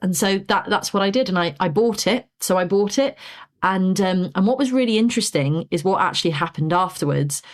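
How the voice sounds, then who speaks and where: A woman's voice: mid-range voice, fairly quick. A woman, a podcast guest telling her story in a conversational way and acting out what people said to her. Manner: animated, acts out quoted dialogue. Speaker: podcast guest, property investor.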